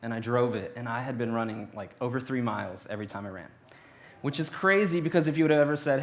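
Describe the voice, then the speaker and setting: A man's voice: mid-range voice, fast. A young adult man giving a playful, anecdotal testimony to a church audience. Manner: playful, anecdotal, acts out quotes. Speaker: church speaker. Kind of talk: humorous personal testimony on stage. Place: church auditorium.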